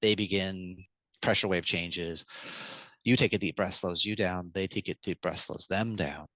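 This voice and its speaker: A man with a fairly low voice, talking as a podcast guest, quick and animated. He acts out parent lines to a child as he explains. The mic is close and dry, with no room sound. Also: dry recording, low-quality recording. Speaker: guest speaker on parenting communication. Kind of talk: enthusiastic podcast interview.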